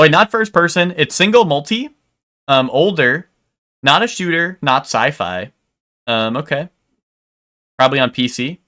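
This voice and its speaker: A man's voice: mid-range voice, bright, forceful tone. A man live-streaming, chatting casually with his viewers in a rambling way, full of "like" and "um" and casual swearing.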